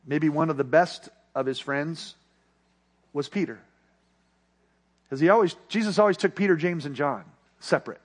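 A man's voice: a little high, normal speed, pauses often. A man preaching a sermon, telling a story in an earnest voice that rises with the tension and drops when he gets to the lesson. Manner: earnest, rising then hushed.

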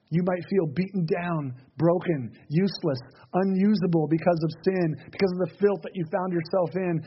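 A man preaching a sermon to a congregation, dropping to a hush and then rising again as he drives his points home. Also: high-pitched, muffled recording, a little hiss or hum. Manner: dramatic, swings between hushed and raised passages.

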